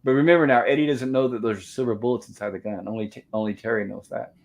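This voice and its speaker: A man at a mid-range pitch hosts a live panel movie review. He retells the film step by step, reading lines aloud as the scenes play. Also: steady tone, fast talker. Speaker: host.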